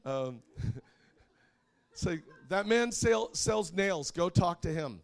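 Guy in his 30s preaching, tells funny stories, laughs a lot, voice swings way up and down, kinda high for a man. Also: slow, gravelly. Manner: animated storyteller who laughs often and gets loud when acting out scenes. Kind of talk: sermon with personal stories.

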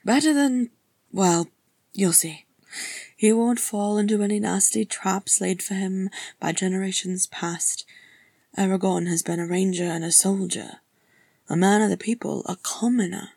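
A woman voicing an elderly male hobbit with a cracked, wavering voice, gentle and wistful, in a storybook reading. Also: mid-range voice, gravelly, dry recording, studio quality, pitched above the performer's own voice.

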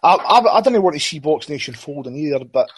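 Male co-host: husky, fast, cocky banter, slightly high pitch. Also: animated. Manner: brash, joking, swears freely. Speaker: podcast co-host. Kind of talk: casual chat.

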